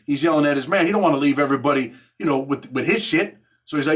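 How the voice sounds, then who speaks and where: At a quick pace and medium pitch, with a fairly bright tone, this Rochester, New York podcast host tells a story from prison. The middle-aged man keeps it casual and streetwise, sprinkling in "man" and "right?" nonstop and playing out what others said.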